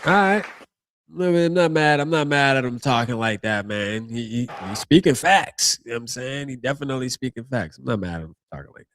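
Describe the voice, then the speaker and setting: A man's voice: mid-range voice, a little fast, crowd noise, background noise. A man hosting a live reaction stream, talking casually in slang and thinking aloud as he goes.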